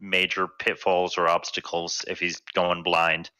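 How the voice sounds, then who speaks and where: A man at a tabletop game, describing his character's actions in a plain, matter-of-fact way. His voice is fairly low yet bright and forward. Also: monotone, a little slow, smooth, rough recording.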